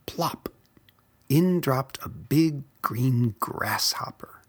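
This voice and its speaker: A storyteller reading a children's picture book aloud in a soft, gentle whisper. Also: medium pitch, expressive, extremely slow, breathy edge.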